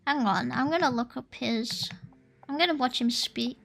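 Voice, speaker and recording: A woman's voice: sits high, moderate pace, vocal fry, fairly bright tone, soft background music. A woman streamer in casual stream chat, rambling and giggly as she thinks aloud.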